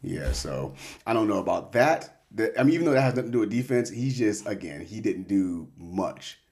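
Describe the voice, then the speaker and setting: This host of a casual sports talk show has a fairly low, darkish voice with vocal fry and a sing-song lilt, and he talks briskly. Giving his picks, he stays laid-back, curses freely, and interrupts himself.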